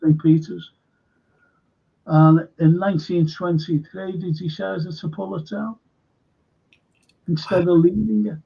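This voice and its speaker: Gravelly historian telling stories. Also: male voice, sits high, takes it slowly, long pauses. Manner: animated storyteller acting out quoted voices. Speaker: local historian. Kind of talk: casual chat on a live stream. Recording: lo-fi stream audio.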